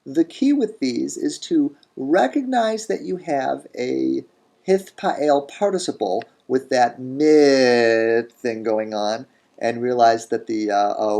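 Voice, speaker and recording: A man teaching a grammar lesson in a recorded lecture, deliberate, saying each word form slowly and repeating it. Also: medium pitch, gravelly, darkish tone. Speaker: language teacher.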